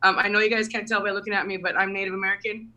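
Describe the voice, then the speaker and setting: Bright-voiced woman doing stand-up on a call. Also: medium pitch, level tone, racing, far from the mic. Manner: loose, swearing, laughing at her own jokes. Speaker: stand-up comic. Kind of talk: stand-up set over a video call.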